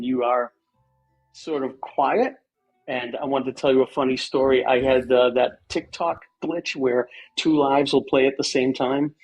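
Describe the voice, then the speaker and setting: A man, chatting casually and joking as a guest on a live stream, often halting and restarting. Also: mid-range voice, darkish tone, low-quality recording. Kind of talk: casual chat.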